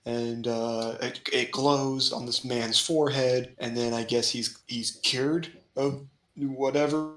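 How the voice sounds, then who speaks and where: A man hosting a casual manga chat who laughs often and acts out scenes with quick put-on voices. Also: medium pitch, steady tone, fairly bright tone, echoey room, low-quality recording. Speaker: podcast host.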